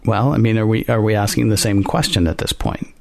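A male podcast co-host muses aloud in a low, gravelly voice, circling back and restarting his sentences. The sound is close and dry, with no room echo. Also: a little fast. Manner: rambling, thinking aloud with many restarts. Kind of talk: casual podcast discussion.

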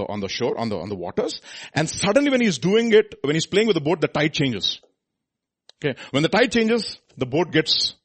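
A man preaching a sermon, his husky voice rising and falling across a wide, lively range. He quizzes the congregation with questions, building to loud emphatic peaks, then drops low and hushed as he tells a story. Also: no echo.

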